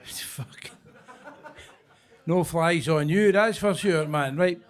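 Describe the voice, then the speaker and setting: An older Scottish man headlining a stand-up set in a basement club, gruff and heavy with swearing. His voice sits a little high, and he bosses the crowd into joining in. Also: slow. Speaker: headline comedian. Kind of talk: stand-up comedy.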